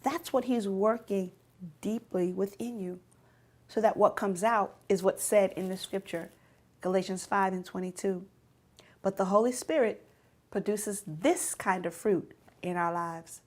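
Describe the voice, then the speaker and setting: A woman's voice: medium pitch, a little mellow. A woman teaching a youth church lesson, speaking directly to teens and repeating her key points for emphasis.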